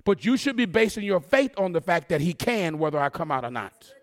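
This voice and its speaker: A man preaching a fervent sermon, calling out to the congregation and rising into shouts. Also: sits high, very animated, brisk.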